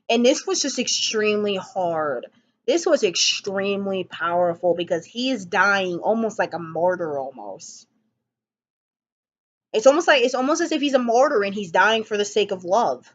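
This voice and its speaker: A woman's voice: medium pitch, lo-fi sound. A woman giving a casual spoken album review, enthusiastic and rambling, with frequent ums and restarts.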